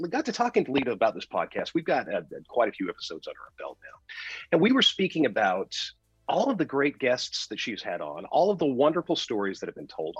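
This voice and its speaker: Lo-fi sound with no room tone captures a medium-pitched, slightly rough voice. He's a podcast producer turned interviewer who co-hosts casually, animated and jokey, often starting over mid-thought.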